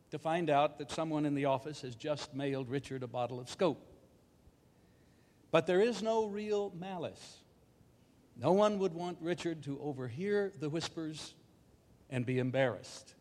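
A man giving a measured, scripted reflective talk with dry wit. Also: on the high side, long reverb tail.

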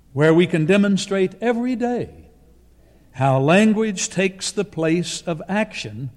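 A man preaching in a slightly high voice, his words spaced out by long, deliberate pauses. His sermon rings through a big hall with a long, trailing reverb. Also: a little mellow. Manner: slow, deliberate delivery with pauses between phrases.

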